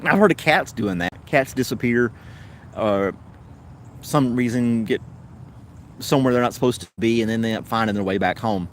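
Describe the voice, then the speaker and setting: A man's voice: medium pitch, normal speed, long pauses, a little hiss or hum. A man with a Tennessee accent hosting a casual livestream chat, rambling along in an easygoing way. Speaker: host.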